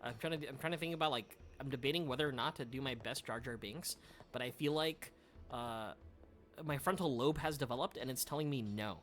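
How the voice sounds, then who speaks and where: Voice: medium pitch, fairly quick, fairly bright tone, soft background music. A game streamer chatting casually while playing, rambling with stammered restarts, crude slang and frequent laughter. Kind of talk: casual let's-play commentary while reading game dialogue.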